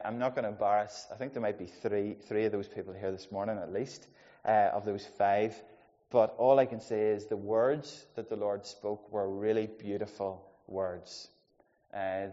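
A man preaching a sermon, his mellow, darkish voice rising to loud emphasis and falling to soft asides. The sound is dull and carries a long reverb from a church hall. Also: fairly low pitch. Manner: lively, swings between loud emphasis and quiet asides. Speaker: pastor.

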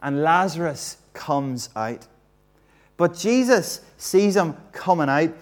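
A man's voice: on the high side, lively intonation, slow. A man preaching an all-age sermon in a church, acting out the story and quizzing the congregation.

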